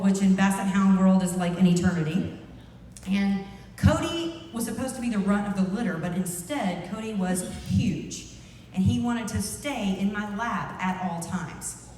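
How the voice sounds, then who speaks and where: A woman's voice: mid-range voice, a little mellow. Woman speaking in an echoey hall. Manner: demonstrative, quizzes the audience with questions. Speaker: youth leadership speaker. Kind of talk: motivational talk to young people. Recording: echoey hall from far off, faint noise.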